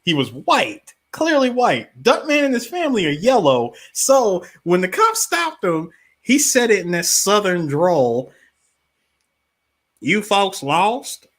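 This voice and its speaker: A man's voice: high-pitched, unhurried. A man co-hosting a casual podcast chat, building up a funny story with lots of emphasis. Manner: lively storyteller, builds up jokes. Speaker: podcast co-host.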